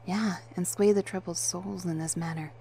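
Woman reading as a blunt, grave gentleman. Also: lowish voice, fairly even intonation, normal speed, creaky, slight background noise.

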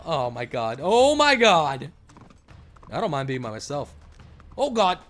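A man giving casual let's-play commentary, excitable, with loud outbursts and cursing. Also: on the high side, measured pace, faint music behind. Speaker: gaming commentator.

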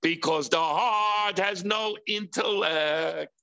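Guy giving a sermon, slow and deliberate, bright tone, lots of why questions. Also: vocal fry, clean tone, lo-fi sound. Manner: acts out impulsive voices in a high whiny pitch; rhetorical questions, emphatic. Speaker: rabbi teaching.

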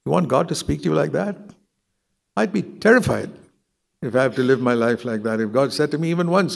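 An older man with an Indian English accent delivers a sermon, earnest and conversational, often turning to prayer mid-thought. His voice has a gravelly, creaky edge at an ordinary middle pitch. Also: animated, normal speed, a little mellow. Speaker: preacher.

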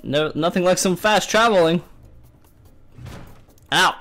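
A young man giving goofy, exclamatory commentary while playing a game, jumping between loud yelps and low mutters. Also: slow, soft background music. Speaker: gamer.

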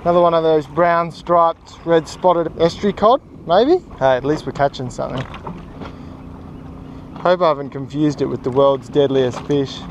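Chatty Australian guy, slightly high voice. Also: moderate pace, dull audio, slight background noise. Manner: chatty, joking, self-mocking. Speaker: fishing vlogger. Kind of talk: casual running commentary. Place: outdoors on open water on a small raft. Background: music.

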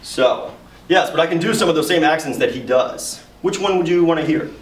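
A man's voice: on the high side, a little fast. A man who is a teacher, joking and bragging in a school interview. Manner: goofy, boastful. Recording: echoey room from far off.

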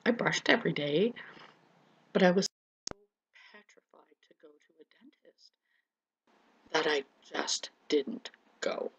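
A woman's voice: low voice, expressive, slow, pauses often, a little hiss or hum, rough recording. A middle-aged woman telling her own story in an earnest personal vlog, speaking straight to her viewers as friends and repeating words for emphasis. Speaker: vlogger.

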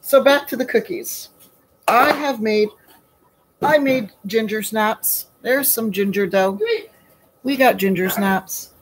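A woman's voice: medium pitch, takes it slowly, a little hiss or hum, low-quality recording. A woman hosting a casual live baking stream from her home kitchen, chatty and folksy, greeting viewers by name.

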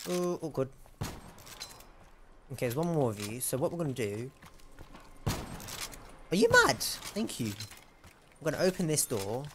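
A man's voice: mid-range voice, a little hiss or hum. A young man giving casual, self-mocking gameplay commentary and chatting to the enemies. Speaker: gamer.

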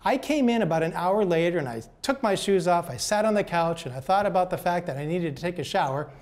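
An older man telling folksy stories in a gentle, unhurried way. He often trips over and repeats words as he goes, in an easy, chatty tone. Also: high-pitched, lively intonation. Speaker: speaker. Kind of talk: motivational storytelling talk.

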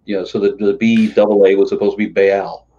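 A man hosts a relaxed conversation in a rather low voice, drifting through long stories and stumbling over repeated words. The recording sounds a bit muffled and lo-fi. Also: a little fast. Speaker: host. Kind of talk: casual conversational interview.

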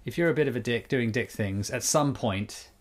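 Male co-host, mid pitch, jokey and opinionated, studio mic. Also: normal speed. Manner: joking, opinionated, laughs often. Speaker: podcast co-host. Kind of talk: casual podcast chat. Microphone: studio condenser microphone.

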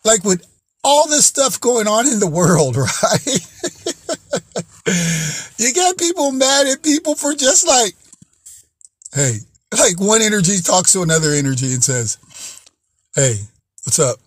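A man's voice: sits high, lively intonation, measured pace, pauses often, no echo. A man hosting his own vlog, talking to viewers in an upbeat motivational monologue and laughing often between phrases. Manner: chatty, addresses viewers as guys and folks. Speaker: vlog host.

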